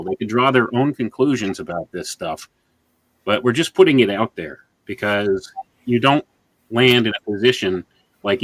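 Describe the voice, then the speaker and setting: A man's voice: lowish voice, dry recording, poor audio. A man hosting a religious interview, speaking earnestly and with a preacher's emphatic repetition into a home microphone. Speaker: host. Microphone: home microphone with adjustable gain.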